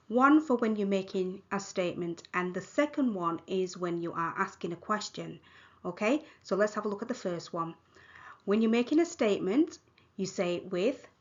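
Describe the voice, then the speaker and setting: A woman with a Thai accent teaching a language lesson, modeling words slowly and repeating them for the learner. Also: medium pitch, highs cut off. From Thailand. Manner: slow, repeated model pronunciation.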